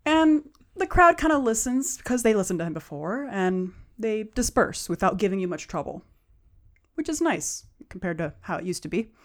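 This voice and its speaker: A woman's voice: medium pitch, very animated, moderate pace. A woman narrating as game master of a tabletop game, casual with many fillers.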